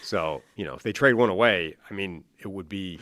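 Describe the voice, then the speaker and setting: A man with a deep, low voice co-hosts a casual sports podcast, recorded dry and close in a studio. He talks things through loosely, circling back with restarts and fillers as he works out his point. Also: normal speed, fairly bright tone, no echo. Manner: thinks aloud with restarts and fillers. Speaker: podcast co-host.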